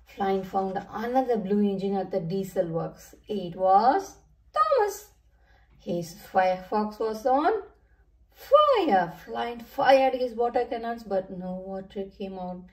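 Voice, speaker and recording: A woman reading a children's picture book aloud in a slow, sing-song storytelling manner. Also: medium pitch, lively intonation, a little mellow. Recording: echoey room, mic far off.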